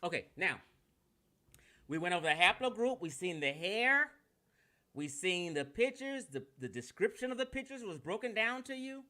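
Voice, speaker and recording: Man, Californian accent, brash, profane, combative livestream lecture, animated pitch. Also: moderate pace. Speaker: online lecturer.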